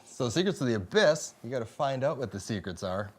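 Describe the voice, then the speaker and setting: A man's voice: mid-range voice, big pitch swings, brisk. A man who works as a live events producer, answering questions in a casual, easygoing way with many filler sounds. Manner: easygoing, filler-heavy explaining. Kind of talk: casual desk interview.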